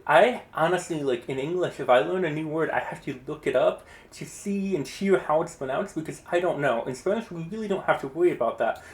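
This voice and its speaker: A man with a voice a bit higher than most explains language rules in a relaxed, chatty, encouraging way. His casual lesson is recorded in an echoey room. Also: brisk, few pauses. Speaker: Spanish teacher.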